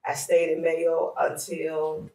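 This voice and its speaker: A woman's voice: low-pitched, monotone, slow pace, creaky, a little mellow. A woman from Florida telling an emotional personal story on a podcast, acting out her prayers and what others said. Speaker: podcast guest.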